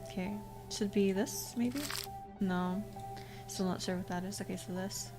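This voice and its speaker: A woman streaming a game in a soft-spoken ASMR style, quietly playful and muttering to herself. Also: mid-range voice, fairly even intonation, unhurried, over music.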